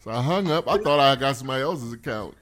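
A man's voice: medium pitch, animated, fast, fairly bright tone, soft background music. A man in casual chat, telling a story with laughter and swearing.

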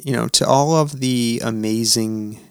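A man's voice: mid-range voice, steady tone, unhurried, clean tone, dry recording. Jokey man podcast co-host, dry mic. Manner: jokey, mock-indignant, loose and irreverent. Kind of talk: casual chat.

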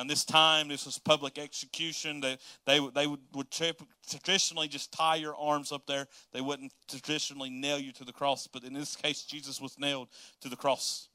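A man's voice: medium pitch, sharp tone, dry recording, clean studio sound. A man preaching a casual, joking sermon, often repeating words as he restarts his sentences.

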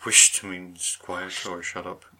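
A man's voice: low voice, little pitch movement, slow, sharp tone. A man co-hosting a podcast, chatting casually and teasing his co-host. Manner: teasing, incredulous. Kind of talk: casual chat.

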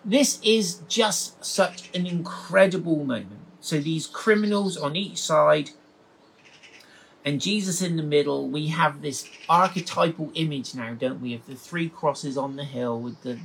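A man reading scripture aloud and pausing often to comment on it, with emotional exclamations and musing asides. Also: fairly high pitch, creaky, a bit bright, a little hiss or hum, poor audio. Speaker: Bible teacher.

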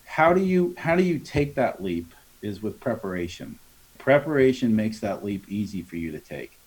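A man's voice: lowish voice, big pitch swings, moderate pace, a little mellow, slightly rough. A man training contractors on sales in an interview, speaking in a coaching tone, acting out customer dialogues and often adding "right?". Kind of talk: conversational podcast interview.

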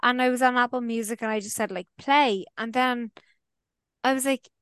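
A young woman, co-hosting a podcast in casual chat, chatty and laughing easily between quick asides. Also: on the high side, fairly even intonation, a bit bright, clean tone, no echo, studio quality. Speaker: podcast co-host.

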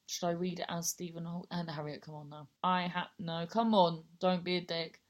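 A woman's voice: fairly low pitch, normal speed, hardly any pauses. A young woman with a southern English accent, a comedian chatting casually and telling rambling, sweary stories. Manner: sweary, rambling, animated storytelling. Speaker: stand-up comedian hosting a podcast. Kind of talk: casual chat.

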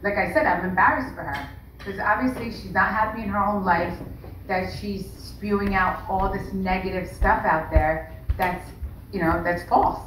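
A woman's voice: mid-range voice, normal speed, fairly bright tone. A woman co-hosting a podcast, ranting bluntly and swearing in casual chat. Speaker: podcast co-host. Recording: roomy, distant mic, faint noise.

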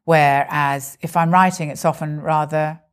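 A woman with a notably low voice talks through her stand-up craft in a relaxed interview. She chats loosely and animatedly, slipping into the voices of people in her stories as she tells them. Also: a little slow, clean tone. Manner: chatty, animated, acts out quoted voices. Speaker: stand-up comedian. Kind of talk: conversational interview.

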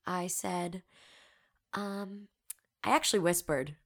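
This is a woman in her early twenties hosting a casual podcast. She tells embarrassing stories about herself with a giggly, candid ease. Her voice is bright and forward, at an ordinary pitch for a woman. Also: steady tone, slow. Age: 20s. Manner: candid, giggly, self-deprecating storytelling. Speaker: podcast host. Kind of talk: casual chat.

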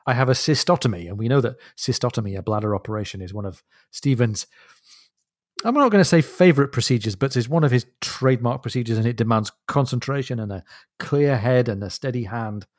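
A man co-hosting a book podcast, walking through a novel's chapters and quoting passages. His voice sits at an everyday middle pitch, recorded close and dry with no room sound. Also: animated, fairly quick, dry recording. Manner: explains literary references with quiet enthusiasm. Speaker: podcast co-host.

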